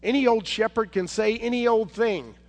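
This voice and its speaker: A man's voice: a little high, animated, moderate pace, vocal fry. A male preacher voicing Moses as a reluctant, anxious shepherd who protests in a rising, pleading voice. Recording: hall reverb, faint noise.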